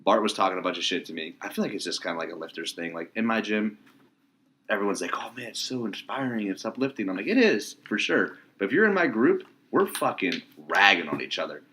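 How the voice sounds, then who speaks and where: Deep-voiced man talking fast. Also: lively intonation, bright, forceful tone, a little hiss or hum. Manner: swearing, boisterous storyteller. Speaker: podcast guest. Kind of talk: casual chat.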